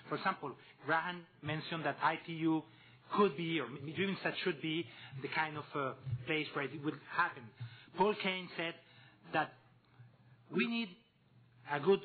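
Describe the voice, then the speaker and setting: Man with a Spanish accent, tinny audio. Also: a little high. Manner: hesitant, repeats words, joking asides. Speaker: conference speaker. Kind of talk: conference presentation. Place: meeting room. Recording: tinny phone-like audio with faint hum.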